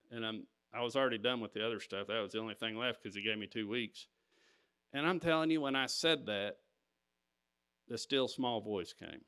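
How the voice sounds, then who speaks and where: A man's voice: on the low side, moderate pace, fairly bright tone, clear, resonant tone. A man preaching, telling a personal story to his congregation and stopping to ask "Amen?". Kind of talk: sermon testimony.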